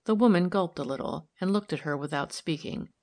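A woman narrating a classic novel in a steady, measured way. Her voice sits on the lower side for a woman. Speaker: audiobook reader. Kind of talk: scripted narration.

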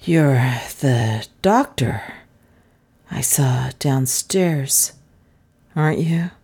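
A woman reading a storybook voices a dazed, injured man in a faint, halting whisper. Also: low-pitched, darkish tone, slightly rough, heavily acted.

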